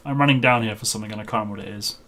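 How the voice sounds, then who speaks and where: A man's voice: on the low side, racing, a bit bright. A man streaming a game, chatting casually in a rambling way and laughing at his own stories. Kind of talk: casual chat while gaming.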